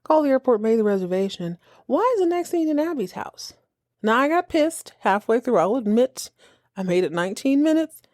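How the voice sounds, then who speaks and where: A woman's voice: a little high, no room sound, clean studio sound. Exasperated woman ranting. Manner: animated, exasperated, swears freely, mocks characters in quick impressions. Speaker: podcast host reacting to a TV show. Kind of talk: casual reaction commentary.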